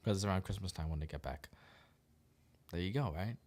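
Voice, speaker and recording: A man's voice: low voice, fairly quick, darkish tone. A man hosting a podcast, giving casual opinion commentary in a sarcastic manner and laughing often. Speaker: podcast host.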